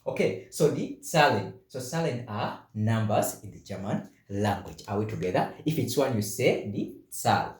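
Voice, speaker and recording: A man's voice: fairly low pitch, lively intonation, roomy sound. A man teaching a beginner German lesson, saying each word several times and asking learners to repeat after him. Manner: drills words slowly, asks learners to repeat.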